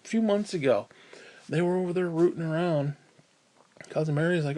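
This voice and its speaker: Profane, high-pitched ranting man. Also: brisk. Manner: angry, profane, swings between loud outbursts and low mutters. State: in pain. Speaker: vlogger.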